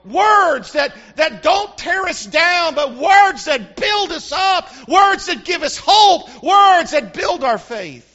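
A male pastor preaches in a very high, bright, forceful voice. He swells into shouts and keeps asking the congregation if they are with him. The recording sounds dull and lo-fi. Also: big pitch swings, slow pace, few pauses. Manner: preaching with rising shouts and call-and-response. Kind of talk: sermon.

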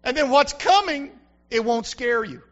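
A male pastor preaching an emphatic sermon that builds to shouts, recorded on a dull lo-fi recording. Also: extremely high pitch, lively intonation, a little slow, soft background music. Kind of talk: fiery sermon.

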